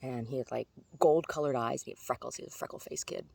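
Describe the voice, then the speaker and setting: Gravelly-voiced woman chatting outdoors. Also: rumbling low, fast, warm tone, dry recording. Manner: chatty, self-deprecating, laughs at her own jokes. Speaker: vlogger doing tarot card readings. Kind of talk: casual rambling chat. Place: outdoors among redwoods.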